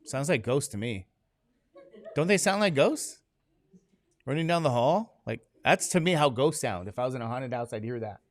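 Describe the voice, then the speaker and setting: A man's voice: mid-range voice, lively intonation, moderate pace. A man teaching a class, who jokes and keeps asking his students questions, drowsy from medication. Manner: joking, asks the class many questions. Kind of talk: classroom lecture.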